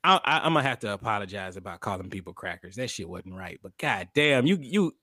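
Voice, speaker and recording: A young man co-hosting a podcast, telling a heated story in casual, profane chat and loudly acting out what people said. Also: lowish voice, fairly quick, no echo, clean studio sound. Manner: animated, profane, acts out quotes loudly. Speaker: podcast co-host.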